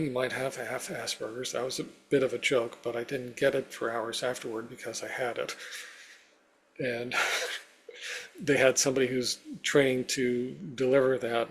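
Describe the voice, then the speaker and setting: A man's voice: medium pitch, breathy edge. A man as an interview guest, telling a personal story step by step with many "you know" fillers.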